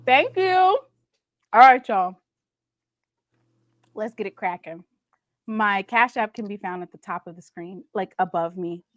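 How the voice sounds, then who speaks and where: A woman's voice: medium pitch, lively intonation, measured pace, pauses often, no room sound, muffled recording. A woman, hosting a casual livestream chat and playfully reading viewer comments. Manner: chatty, playful, reads viewer comments aloud. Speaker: livestream host.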